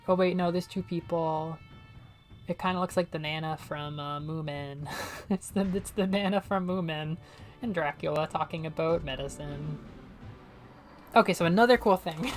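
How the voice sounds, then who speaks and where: Chatty woman with a lowish voice. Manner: chatty, rambling, laughs often. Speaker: streamer playing a game. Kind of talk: casual gaming commentary.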